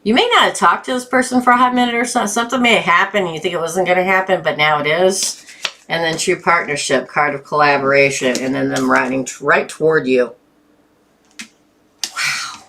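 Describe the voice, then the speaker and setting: Chatty woman tarot reader, lowish voice. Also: brisk, slight background noise. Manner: chatty, laughs often, bursts of excitement. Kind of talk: live tarot reading stream.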